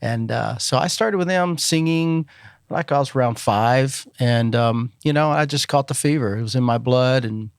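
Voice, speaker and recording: A man's voice: medium pitch, moderate pace, creaky, smooth, no echo, clean studio sound. Man telling stories unhurriedly. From Alabama, US. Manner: relaxed storytelling with many fillers. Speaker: musician guest. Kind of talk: casual interview chat.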